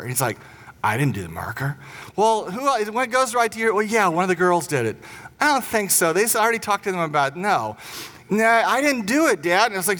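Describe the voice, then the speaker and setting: A man's voice: a little high, fairly bright tone. A man preaching a sermon, telling a family story and acting out the voices in it. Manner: storytelling, acts out quotes. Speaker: pastor. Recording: long hall reverb.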